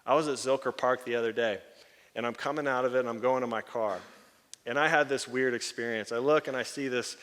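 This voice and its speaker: A man's voice: mid-range voice, brisk. A man preaching a sermon, telling stories and acting out the voices of the people in them. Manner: animated storyteller acting out quoted voices, laughing. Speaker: pastor. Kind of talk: sermon with storytelling. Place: church sanctuary. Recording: long hall reverb.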